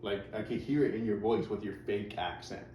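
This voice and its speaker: A man hosts a reaction video, rambling through casual commentary over clips with sarcastic asides. His voice is on the low side, brisk and warm. The mic is distant in a roomy space, with faint noise.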